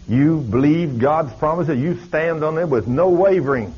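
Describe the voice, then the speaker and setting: A man's voice: a little high, moderate pace, few pauses, a little mellow, husky. A male preacher, telling stories in a folksy, emphatic drawl. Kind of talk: sermon storytelling. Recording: dull lo-fi recording.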